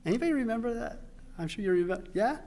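A man preaching a sermon in a church in a conversational way, restarting phrases and rising into loud emphasis. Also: very high voice, expressive, very fast, slight background noise. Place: church sanctuary. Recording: long reverb of a church hall.

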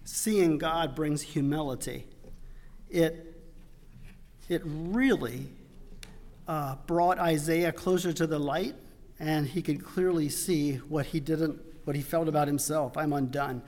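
Slow-talking preacher in a reverberant hall. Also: male voice, a little high. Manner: conversational, with restarts and sudden loud emphasis. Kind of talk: sermon. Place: church sanctuary. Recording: long reverb of a church hall.

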